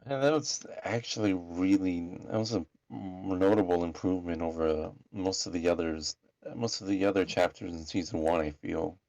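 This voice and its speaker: Man, very deep, gravelly, dry sound, hesitant, repeats words, casual chat. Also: normal speed, few pauses, a little mellow, no echo. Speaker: guest commenter.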